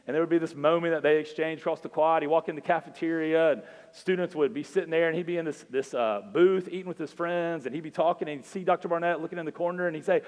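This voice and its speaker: A man's voice: fairly high pitch, fast talker, hardly any pauses. A man giving an Easter sermon, telling a story in a conversational, earnest way and then leading a prayer. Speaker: pastor. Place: church sanctuary. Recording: church hall reverb with faint music.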